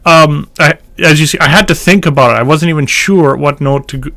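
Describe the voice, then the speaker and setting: A man's voice: a little high, fairly quick, bright, forceful tone. A man teaching church chant tones in a casual way, explaining notation and breaking into short sung phrases. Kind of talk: casual instructional talk with sung examples.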